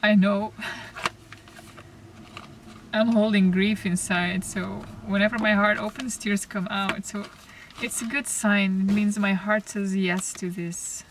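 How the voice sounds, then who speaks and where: A woman giving a spiritual oracle card reading to camera, talking softly and reflectively, with pauses and restarts. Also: medium pitch, little pitch movement. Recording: slightly distant mic, faint noise.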